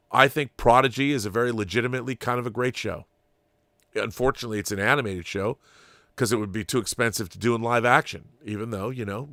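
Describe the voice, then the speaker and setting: A man's voice: mid-range voice, fairly bright tone. A man delivers an exasperated commentary rant, sarcastic and profane, in a middle-range voice. The sound is dry and close with no room echo. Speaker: channel host. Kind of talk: opinion commentary monologue.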